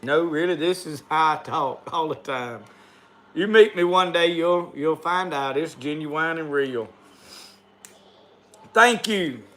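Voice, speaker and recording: A man's voice: fairly high pitch, takes it slowly, long pauses, fairly bright tone. A middle-aged man with a Southern US accent hosting a casual livestream in a folksy drawl, closing with a spoken prayer. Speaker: livestream host.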